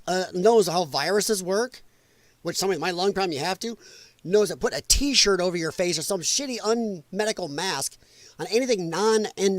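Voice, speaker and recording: A man's voice: high voice, no room sound. A man hosting a live show, ranting in a blunt, heated, profane way. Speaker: livestream show host.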